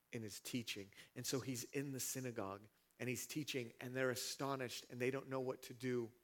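A man preaching a sermon as pastor, dropping to a hush and then rising to shouts as he acts out scenes from the passage. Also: medium pitch. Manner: dramatic swings from hushed to shouting, acting out scenes.

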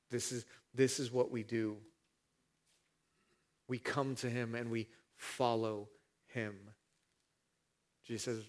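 A male pastor delivering a sermon to his congregation. His voice sits in a middle pitch, and he moves from quiet intensity to loud, dramatic bursts as he plays out the story for his listeners. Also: little pitch movement, slow pace, pauses often. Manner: dramatic swings from hushed to shouting, acting out scenes.

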